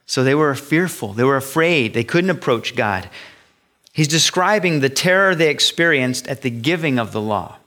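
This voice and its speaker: A middle-aged male pastor preaching a sermon, animated and acting out the voices of the people he describes. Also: medium pitch, normal speed.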